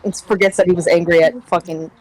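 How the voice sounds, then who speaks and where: A woman's voice: fairly low pitch, steady tone, fast, over music, rough recording. A woman playing a tabletop game, blunt and casually profane as she describes her character. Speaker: player. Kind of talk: casual role-play chat.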